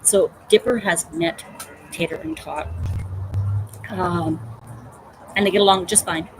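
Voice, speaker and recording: A woman hosting a casual crafting livestream, telling animated stories about her pet and reading out viewer comments. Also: lowish voice, a little slow, background noise. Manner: chatty storytelling, animated. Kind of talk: casual chat.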